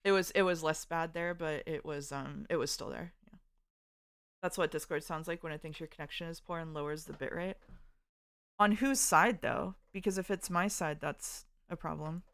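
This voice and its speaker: A woman streamer chatting casually, recapping slowly with lots of ums and uhs. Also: sits low, a bit bright, no room sound, studio quality. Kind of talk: casual chat.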